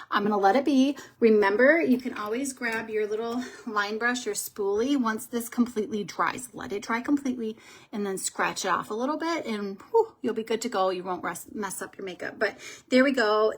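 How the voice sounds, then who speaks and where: A woman chatting casually on a livestream as she does her makeup, telling rambling stories as she goes. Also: fairly high pitch. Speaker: makeup artist and livestream host. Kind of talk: casual livestream chat while doing makeup.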